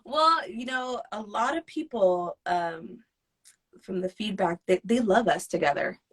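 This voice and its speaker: A young woman tells her story in an easygoing, chatty way. Her voice sits at a middle pitch, and she gets lively when she acts out what others said. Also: measured pace, husky. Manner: animated, acts out quoted phone calls with high excited voices. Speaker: guest singer. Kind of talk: casual interview storytelling.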